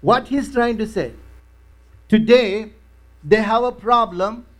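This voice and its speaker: Pastor, male, high voice, emphatic repetitive preaching. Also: takes it slowly. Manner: emphatic preaching with repeated phrases. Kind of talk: sermon.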